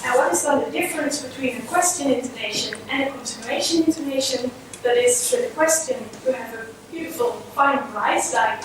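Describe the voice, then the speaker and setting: High-voiced woman presenting in echoey hall. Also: normal speed. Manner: explanatory, steady lecturing. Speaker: child language researcher. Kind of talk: conference presentation. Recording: echoey hall, far from mic, noisy.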